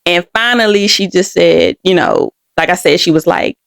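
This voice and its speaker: A woman's voice: fairly low pitch, moderate pace, creaky, few pauses, dry recording, studio quality. Woman telling a raw personal story. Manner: candid, emotional, addresses listeners directly. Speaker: podcast host.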